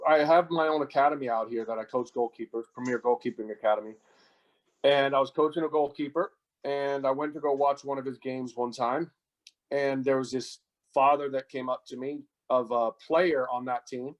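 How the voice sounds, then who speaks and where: On a muffled recording, a middle-aged American man with a medium-pitched, fairly even voice speaks at normal speed. A goalkeeper coach guesting on a podcast, he tells long, rambling anecdotes in a casual interview, full of fillers and restarts.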